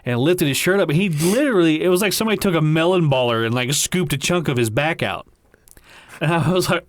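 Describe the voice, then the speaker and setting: A man's voice: on the high side, fast, dry recording. A man co-hosting a podcast, telling childhood stories in a laid-back way, swearing freely and laughing at his own tales. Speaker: podcast co-host. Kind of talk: casual storytelling chat.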